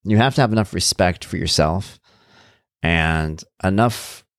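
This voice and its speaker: A man's voice: low-pitched, unhurried, no echo, studio quality. A middle-aged man earnestly telling his own life story as a parent, candid and reflective. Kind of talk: personal storytelling.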